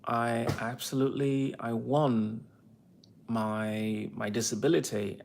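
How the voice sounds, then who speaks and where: A man speaks slowly on his livestream, his voice rough with a gravelly fry. He rambles, swears freely and turns from viewers' comments to bitter complaints in a mid-pitched tone. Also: fairly even intonation, darkish tone. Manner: rambling, bitter and profane ranting; reads and answers viewer comments. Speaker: veteran livestreamer. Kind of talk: casual livestream monologue.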